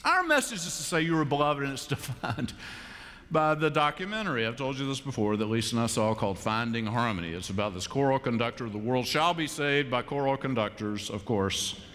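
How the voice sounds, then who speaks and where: A man preaches in a relaxed, conversational way, repeating his key phrases with deliberate pauses. His voice sits at an ordinary middle pitch. The live church recording carries a long hall reverb. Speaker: pastor. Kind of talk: sermon. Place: large church sanctuary.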